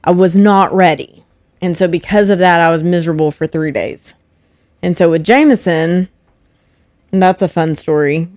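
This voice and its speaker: A young woman tells stories in a relaxed, chatty way, and her voice sits on the lower side for a woman. She brings the people in her stories to life by acting out their lines. The sound is dry and close. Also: moderate pace, dry recording. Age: young adult. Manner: animated, acts out quoted voices. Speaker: podcast guest, host's wife. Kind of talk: casual storytelling chat.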